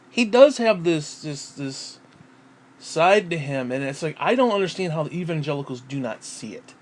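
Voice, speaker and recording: A man ranting casually at home, profane and rambling, often clearing his throat and short of breath. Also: fairly high pitch, a little mellow. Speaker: vlogger.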